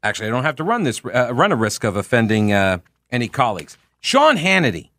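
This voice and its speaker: A man hosting a political talk radio show, talking in an animated, sardonic and emphatic way into a studio microphone. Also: medium pitch, fast, no echo. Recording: dry studio sound.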